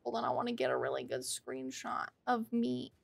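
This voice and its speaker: A woman streaming a game live, talking to her chat in an excitable way and swearing often. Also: very deep voice, normal speed, creaky. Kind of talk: live gameplay commentary.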